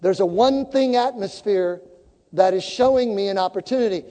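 A woman preaching a sermon as a story, animated and acting out the conversations she tells. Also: medium pitch, normal speed, big-room sound.

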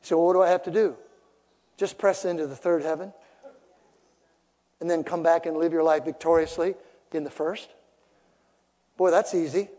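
High-voiced preacher man in a reverberant hall. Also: steady tone, moderate pace, pauses often. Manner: emphatic, builds to loud rising peaks. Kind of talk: sermon. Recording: long reverb of a large hall.

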